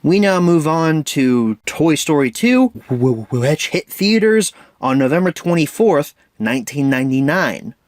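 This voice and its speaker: A man's voice: a little high, expressive, measured pace, few pauses, no echo, studio quality. A young man in his twenties hosting a casual home media review, chatty and wry, who often stumbles over his words. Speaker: host.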